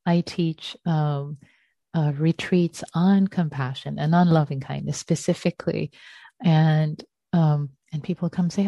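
A woman teaching meditation over a video call, her voice low-pitched and mellow. She talks gently and without hurry, reassuring her students. The sound is dry and close, with no room echo. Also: fairly even intonation, a little slow. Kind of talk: online group meditation session.

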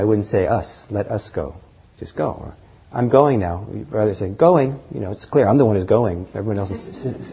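A man teaches a meditation class in a very breathy, husky voice pitched somewhat low. He talks gently and haltingly, with fillers and soft laughs. The recording is dull and muffled. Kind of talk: dharma talk to a class.

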